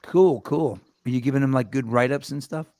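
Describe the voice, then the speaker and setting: A man hosting a casual chat show, telling rambling stories with quick laughs and restarts. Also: mid-range voice, dark tone. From New York. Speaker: host.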